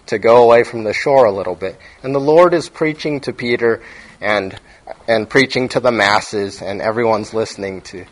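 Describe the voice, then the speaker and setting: Guy preaching a sermon, kinda low voice, chatty, keeps asking "right?". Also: low-quality recording. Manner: conversational, frequent "right?" check-ins.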